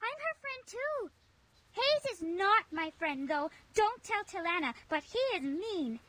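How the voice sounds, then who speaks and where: A woman voicing a shy, lonely little girl in a fantasy game, halting and timid, heard as quiet distant game audio. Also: very high voice, animated, exaggerated voice.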